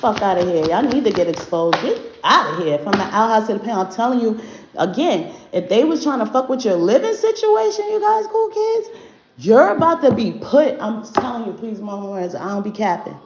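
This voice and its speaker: This woman's voice is fairly high, animated and brisk. She does spiritual readings on a livestream, cursing freely and addressing chat bluntly, and the audio comes through dull and roomy with a little background noise.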